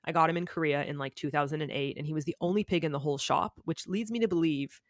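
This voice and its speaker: A woman's voice: deep voice, fast, no echo, clean studio sound. A woman guest on a podcast, talking candidly in a chatty, rambling way with many fillers. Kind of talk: candid conversational interview.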